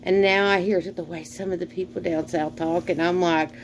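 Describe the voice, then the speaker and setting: Cooking as she talks, a Southern cooking vlogger in middle age rambles in a slow, folksy way, full of fillers and sighs. Her fairly low voice keeps a fairly even intonation, and there's a little background noise.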